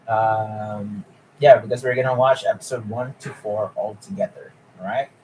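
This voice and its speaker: A man's voice: mid-range voice, slight background noise, low-quality recording. A young man talking casually on a live stream, chatty and often laughing as he answers chat.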